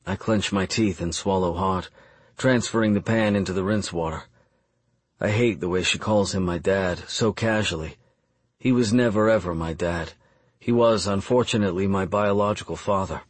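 A young man reading a first-person audiobook in a calm, measured, reflective way. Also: deep voice. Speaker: audiobook narrator.

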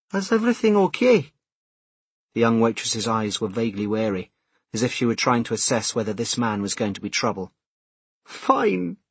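A man narrating a novel in a calm, measured read with a husky, breathy grain. He speaks close to the mic in a dry, dead studio with no room sound. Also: on the low side, no echo. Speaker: audiobook narrator. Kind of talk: scripted narration.

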